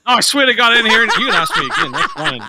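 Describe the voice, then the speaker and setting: A man's voice: very high-pitched, animated, racing, vocal fry, very noisy. A man co-hosting a casual live stream, telling stories animatedly and laughing often. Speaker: stream co-host.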